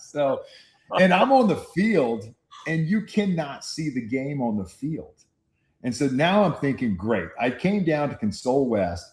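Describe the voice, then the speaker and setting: Animated football dad on a call. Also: male voice, mid-range voice, unhurried, reverberant. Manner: animated storyteller, acts out voices in quotes, laughs often. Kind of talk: casual storytelling on a call. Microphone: phone on a video call.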